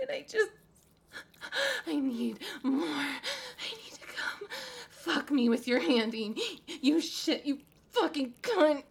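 A woman acting in an erotic audio role-play as a desperate, pleading, domineering adult woman, breathy and alternating between whispers and sobs. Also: high-pitched, full character voice.

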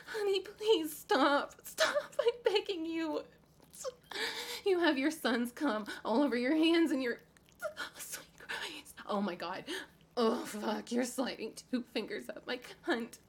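A woman playing a breathy, pleading aunt. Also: on the high side, normal speed. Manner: pleading and breathy, swinging between whispers and sobbing. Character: desperate, pleading, domineering adult woman. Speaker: voice actress in an adult audio role-play. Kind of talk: erotic audio role-play.

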